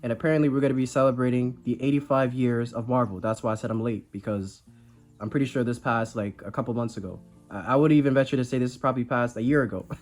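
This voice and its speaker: A man's voice: medium pitch, fairly even intonation, quick pace. Stuffy-nosed guy rambling thru a figure review, faint music behind. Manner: rambling, self-deprecating, chatty. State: congested, under the weather. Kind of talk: casual toy review chat.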